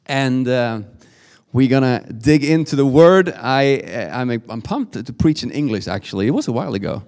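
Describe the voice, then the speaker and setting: A man's voice: mid-range voice, animated, moderate pace. Swedish-accented man preaching in a hall. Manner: warm and informal, with frequent fillers and restarts. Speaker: guest preacher. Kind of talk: live sermon. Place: church service.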